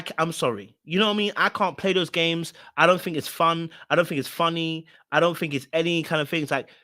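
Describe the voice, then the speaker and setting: A man in a slightly high register gives reaction commentary on a reality show. He is blunt and emphatic and repeats his points over and over. His voice sounds close and dry, with no room around it. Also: sharp tone, no echo. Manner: emphatic, blunt and repetitive, hammering points home.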